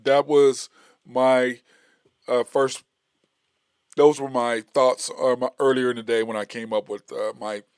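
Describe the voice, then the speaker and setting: A middle-aged man talks sports in a loose, rambling way, full of fillers and restarts. His voice sits at an ordinary middle pitch. The sound is dry and close, with no room echo. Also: unhurried, pauses often, smooth. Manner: animated storytelling, gets heated and loud when retelling a confrontation. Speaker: sports podcast host. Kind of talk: casual solo sports talk.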